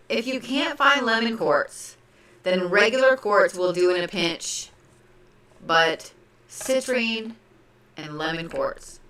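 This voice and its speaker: A woman from Oklahoma with a slight Oklahoma accent, giving a chatty, playful zodiac reading on a live stream, swinging between loud and soft. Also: on the low side. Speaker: tarot and zodiac reader. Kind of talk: casual livestream reading.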